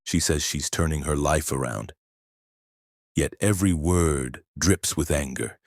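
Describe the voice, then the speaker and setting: A man's voice: a bass voice, unhurried. A male narrator delivering grave, judgmental scripted documentary narration.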